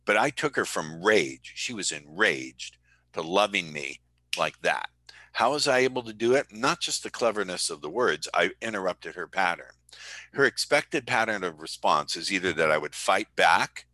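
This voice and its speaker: A man guest on a podcast interview, telling stories in an emphatic, boastful, energetic way, slowing down with dramatic pauses for effect. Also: low-pitched, no echo, low-quality recording. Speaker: guest, persuasion coach.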